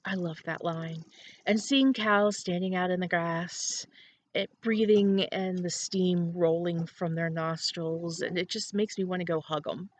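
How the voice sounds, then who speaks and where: A woman's voice: fairly low pitch, unhurried, a little hiss or hum. A woman hosting a knitting podcast from home, chatting casually, rambling and laughing often. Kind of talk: casual chat to camera.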